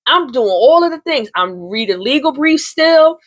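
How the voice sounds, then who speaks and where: A woman vlogger recapping a soap opera in a sassy, slangy, animated way, talking straight to the viewer. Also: high voice, normal speed. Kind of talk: casual chatty recap.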